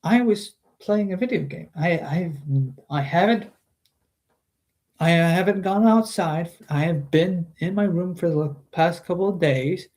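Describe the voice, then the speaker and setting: A man's voice: sits high, measured pace, a little mellow. A man voicing a flustered, disbelieving young male gamer with rising, incredulous exclamations in a storybook reading.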